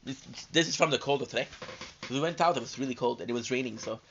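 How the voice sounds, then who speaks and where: A man's voice: medium pitch, fast talker, very noisy. Tired, rambling gaming streamer man. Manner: rambling, chatty, many fillers and restarts. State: tired and coming down with a cold. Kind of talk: casual live-stream chat. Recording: dull lo-fi stream audio.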